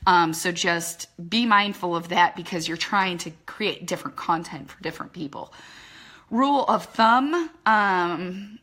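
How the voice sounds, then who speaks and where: A woman whose voice is bright and forward yet fairly low in pitch teaches small-business owners in a casual live session, speaking straight into her phone as a social media business trainer. She chats in quick bursts, leaning on fillers and drifting into loose asides.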